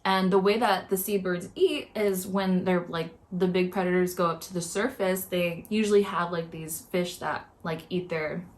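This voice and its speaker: A woman's voice: lowish voice, steady tone, normal speed, hardly any pauses. A young woman vlogging her reaction, talking in an upset, rambling way with many filler words. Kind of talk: emotional reaction commentary.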